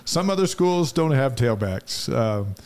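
A man's voice: medium pitch, sing-song, measured pace, a little mellow, clean tone. Easygoing male sports podcast host. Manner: easygoing, anecdotal. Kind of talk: casual sports chat.

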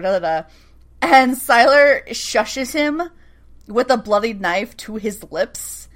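Woman, casual podcast co-host, animated, profane, quotes lines in quick voices. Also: a little high. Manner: animated, swears freely, acts out lines in quick asides. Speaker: podcast co-host recapping a TV episode. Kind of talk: casual chat.

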